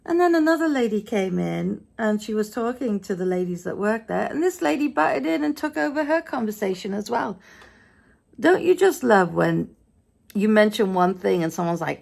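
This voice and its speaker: A woman's voice: medium pitch, very animated, normal speed, gravelly, a little mellow. A middle-aged British woman with an English accent, chatting casually in a day-in-the-life vlog, grumbling wryly about her day, tired and a bit frustrated. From Britain. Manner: chatty, grumbling storyteller with wry asides. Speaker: vlogger.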